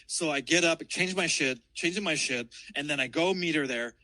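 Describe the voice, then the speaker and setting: Bright, swearing man telling a story. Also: on the high side, normal speed, hardly any pauses, no echo, low-quality recording. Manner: rambling, heavy swearing, restarts. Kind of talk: casual storytelling.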